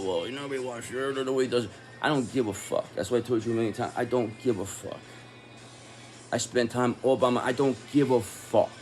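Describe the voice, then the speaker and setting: A man giving a casual tarot reading, talking in an angry, profane and confrontational way. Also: fairly low pitch. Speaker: tarot reader.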